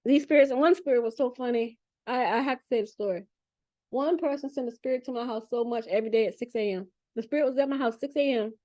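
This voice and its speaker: Woman, spiritual reader, chatty, profane, mellow tone, dry close sound. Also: on the high side, quick pace, dry recording, highs cut off. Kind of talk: casual spiritual reading.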